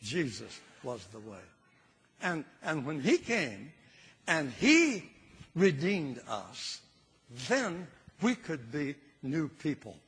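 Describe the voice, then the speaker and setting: A man's voice: fairly high pitch, very animated, takes it slowly, a bit bright, breathy edge, in a large hall. An older man preaching a sermon with fervor, repeating phrases for emphasis.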